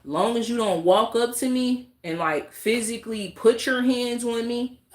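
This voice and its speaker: A woman's voice: fairly high pitch, measured pace, reverberant. A woman, ranting emphatically in a candid vlog and repeating her points. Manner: emphatic and repetitive, talks with her hands. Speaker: YouTube vlogger. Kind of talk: candid vlog rant to camera.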